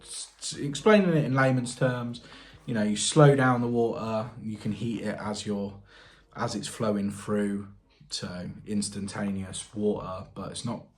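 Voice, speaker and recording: A man's voice: lowish voice, fairly even intonation, measured pace. A British man, a plumber and channel host, chatting casually in a reaction vlog, thinking aloud and asking viewers questions. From United Kingdom.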